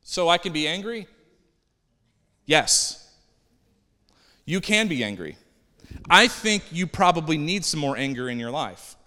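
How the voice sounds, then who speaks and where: In a big church hall, a male pastor delivers a sermon in an easygoing, conversational way, joking with the congregation and sounding animated. His fairly high, bright voice has a forceful edge, and a long reverb trails each phrase.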